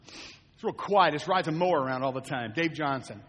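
A slightly high, fairly bright male voice with a breathy edge and a big-room sound comes from an older pastor and grandfather preaching at a moderate pace in a church sanctuary. He swings between homespun stories and fervent appeals to the congregation, his conversational delivery rising to fervent exhortation.

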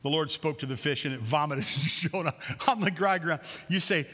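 Bright-voiced pastor preaching in a hall. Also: male voice, fairly high pitch, normal speed. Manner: conversational, repeats phrases, acts out quoted prayers. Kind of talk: sermon. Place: church sanctuary.

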